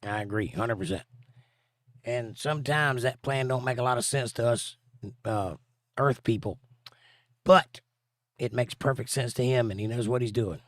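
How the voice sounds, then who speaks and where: A man's voice: medium pitch, moderate pace, long pauses, fairly bright tone, no room sound, studio quality. A man hosting a casual livestream, reading viewer comments aloud and joking around. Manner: reads viewer comments aloud in playful voices. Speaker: livestream host reading chat.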